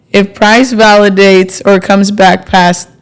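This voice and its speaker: A woman's voice: mid-range voice, clear, resonant tone. Chatty woman hosting a live trading stream. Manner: chatty and playful, thanks subscribers, bursts of excitement. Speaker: livestream trading host.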